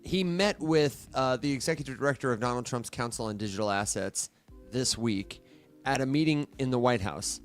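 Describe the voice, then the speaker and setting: A man's voice: mid-range voice, moderate pace, clear, resonant tone, faint music behind. A man co-hosting a morning show, musing aloud and asking rhetorical questions in casual chat.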